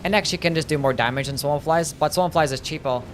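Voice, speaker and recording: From a home streaming setup, a man with a fairly high pitch talks at a racing pace while gaming live. He answers viewers casually and offhandedly, with some laughter and swearing, and there's slight background noise.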